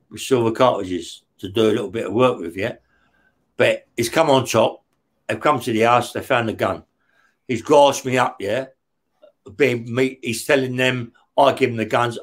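A man telling stories as an interview guest, blunt and rough-spoken, swearing heavily and tagging his lines with "yeah?". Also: medium pitch. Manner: heavy swearing, frequent "yeah?" tag questions. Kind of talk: casual storytelling.

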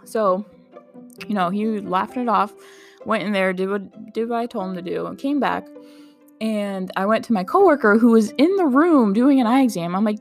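Soft music plays behind a young woman with a mid-range voice who talks at a normal pace. She works at a medical clinic and tells a casual anecdote from her life, sounding incredulous, laughing, and using "like" constantly.

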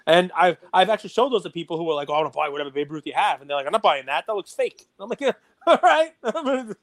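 A man co-hosting a podcast, talking casually and getting animated and worked up. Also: on the high side, very fast. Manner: animated, gets worked up and loud. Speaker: podcast co-host.

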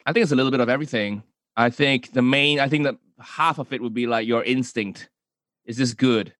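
A man from Malaysia talks through his answers in a relaxed interview, full of small restarts and fillers. His voice sits at an ordinary middle pitch, recorded dry and close with no room sound. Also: a little fast, no echo. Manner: hesitant, many restarts and fillers. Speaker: comedian and YouTuber guest.

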